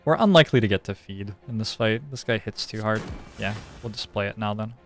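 A man streaming a card game, relaxed, thinking aloud and explaining his choices at length. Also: on the low side, fairly quick, soft background music. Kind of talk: casual live-stream gameplay commentary.

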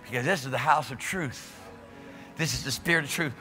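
A male pastor preaching a church sermon with impassioned, repetitive exhortations that rise to shouts. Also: medium pitch, brisk, long reverb tail, faint music behind. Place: church service.

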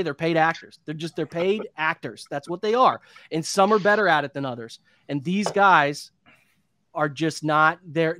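A man's voice: sits high, fairly bright tone, no echo, studio quality. A man in his thirties, a sports podcast analyst, delivering a heated, frustrated rant full of restarts. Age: 30s.

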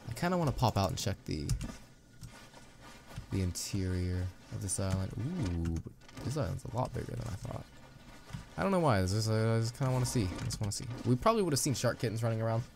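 A man's voice: lowish voice, big pitch swings, a little fast, creaky. A young man giving casual, chatty commentary while playing a video game, upbeat with playful asides. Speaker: let's play host. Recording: music playing underneath.

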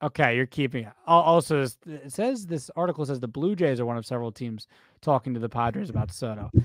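A man co-hosting a baseball podcast in a casual, animated chat, rambling and often repeating himself. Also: medium pitch, fast talker, dry recording, studio quality. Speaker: podcast co-host.

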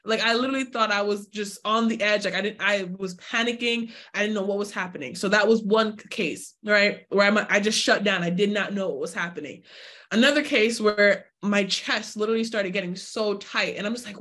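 A woman's voice: mid-range voice, a little fast, fairly bright tone. A woman in her twenties speaking at an online workshop, talking straight to viewers and acting out her own inner voice in quoted asides. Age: 20s. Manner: addresses viewers directly, asks for chat replies. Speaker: summit speaker. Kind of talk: live online workshop talk.

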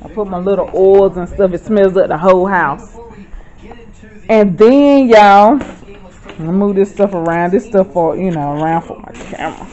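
A woman talks straight to her viewers, chatty and excitable, constantly calling them "y'all." She speaks at an ordinary middle pitch. She is recorded at home on a camera mic, and the sound is dull and slightly lo-fi. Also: moderate pace. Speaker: vlogger. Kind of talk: casual haul vlog.

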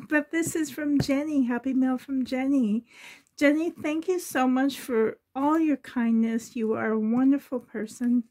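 A doll-collecting vlogger unboxes and chats casually, her slightly high, mellow voice turning shaky and emotional as she tearfully gushes her gratitude.

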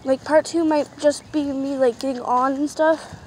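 At a horse pasture, a young woman films a casual chore vlog on a handheld camera, chatty and rambling as she talks sweetly to her horses. Her voice is high with fairly even intonation and a moderate pace, and the outdoor recording is noisy.

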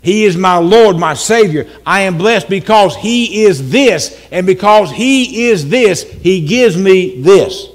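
A man preaching a church sermon, animated and dramatic, breaking into shouted calls and humorous asides. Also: high voice, slow, hardly any pauses. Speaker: pastor. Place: church sanctuary.

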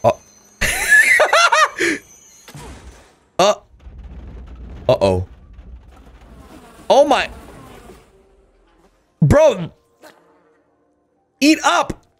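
A man hosts a casual reaction commentary, his high voice leaping all over the place as he gasps and breaks into loud laughter. He talks at an easy, drawn-out pace. Faint music plays underneath. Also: husky. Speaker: host.

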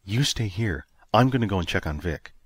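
A man voicing a caring young woman on a spaceship crew, speaking gently but firmly in an audiobook. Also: sits low, expressive, normal speed, husky, no room sound. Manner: gentle but firm, softly spoken. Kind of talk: audiobook character reading.

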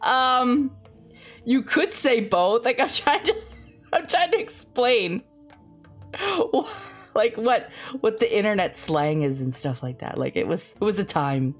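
A young woman streamer telling a family story in casual chat, laughing often and talking in a bubbly, animated way. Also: fairly high pitch, takes it slowly, soft background music.

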